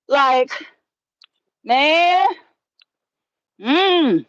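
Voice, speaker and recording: A woman's voice: high voice, slow pace, pauses often, no echo. A woman telling stories on a livestream, rambling and conversational with many fillers and restarts, talking into her phone. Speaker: livestream host. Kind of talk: casual storytelling on a livestream. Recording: dull lo-fi stream audio.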